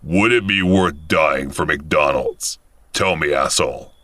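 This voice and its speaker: A man's voice: very deep voice, unhurried, bright, forceful tone, no room sound, pitched below the performer's own voice, exaggerated voice. A man voicing a hot-tempered male robber boss who barks threats and orders. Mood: menacing.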